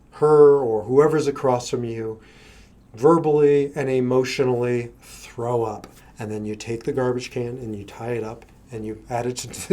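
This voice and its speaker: A man's voice: mid-range voice, darkish tone. A middle-aged man giving an earnest, conversational motivational talk as a coach, now and then acting out both sides of an argument. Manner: earnest, conversational, acts out his own side of an argument.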